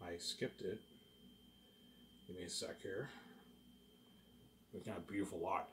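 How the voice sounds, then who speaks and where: An unhurried, deep male voice with fairly even intonation carries this casual vlog, with a little hiss or hum in the background. The young Canadian rambles and repeats himself, restarting phrases while he brags dreamily to his viewers about what's ahead.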